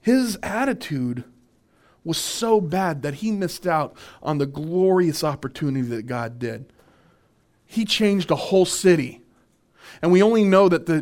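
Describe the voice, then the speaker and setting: A man, a minister, teaching a church workshop on boundaries, animated and full of restarts as he tells stories. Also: fairly high pitch. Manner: animated storytelling with many restarts.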